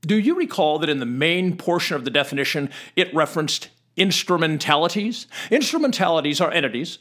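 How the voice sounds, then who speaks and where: A man talks through a prepared explanation in a measured, emphatic way. His pitch sits a touch high and swings widely as he stresses his points, often stretching out key words for weight. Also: fairly bright tone. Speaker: commentator on tax law. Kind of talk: scripted explanatory monologue.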